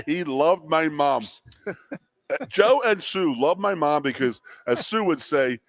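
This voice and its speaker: A man's voice: a little high, moderate pace, no echo. A man in his forties, a former college lineman co-hosting a sports radio show, telling a long story in casual chat and acting out the people in it. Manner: animated storyteller, acts out quotes in raised voices. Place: studio at a restaurant.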